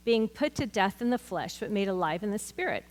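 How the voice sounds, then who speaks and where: A woman's voice: mid-range voice, lively intonation, a little fast. Earnest woman teaching Bible study, hall reverb. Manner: earnest and conversational, with personal anecdotes.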